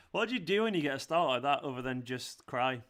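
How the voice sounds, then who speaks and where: A man hosting a live football watchalong, reacting with exasperation, swearing and shouting at the players. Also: medium pitch. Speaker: fan channel host.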